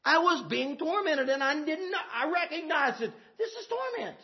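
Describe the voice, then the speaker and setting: Guy preaching, high lively voice, laughs between shouts, muffled lo-fi sound. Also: normal speed. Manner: swings from shouting to low murmurs, laughing asides. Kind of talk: sermon.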